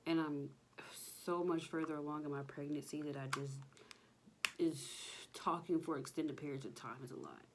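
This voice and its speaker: Speaking in a low-pitched voice at a moderate pace, this pregnant young woman vlogs from her kitchen at home over a noisy background. Her casual chat with viewers is broken up by sighs and breathlessness.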